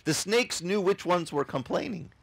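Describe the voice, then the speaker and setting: A man preaching a sermon at an outdoor beach service, telling Bible stories in an animated way and acting out the voices of the people in them. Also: sits high, normal speed, gravelly. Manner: animated storytelling, acts out voices of people and God. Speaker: pastor.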